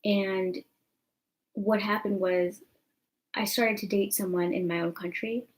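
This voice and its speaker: A woman's voice: mid-range voice, fairly even intonation, takes it slowly, rough recording. A young woman telling a story to her camera in a rambling, chatty way, full of fillers. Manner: chatty, rambling, full of fillers like "you know what I'm saying". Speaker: vlogger.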